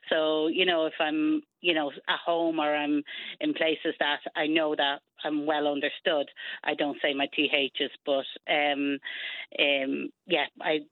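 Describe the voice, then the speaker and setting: A woman's voice: sits low, no room sound. Dublin woman on a tinny phone line. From Ireland. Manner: chatty, explains at length with many ums. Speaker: caller. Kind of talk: radio phone-in chat.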